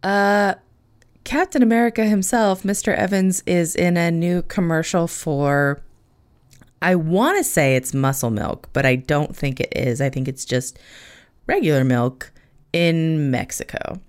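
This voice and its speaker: A woman hosting a podcast in casual solo chat, hoarse from being sick, chatty and self-mocking with casual swearing. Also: on the low side, a little slow. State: hoarse from illness. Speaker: podcast host.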